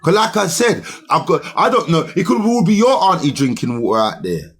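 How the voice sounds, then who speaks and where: A man's voice: fairly high pitch, big pitch swings, fairly quick, husky. A young man, ranting heatedly at commenters on a livestream in slangy, argumentative talk.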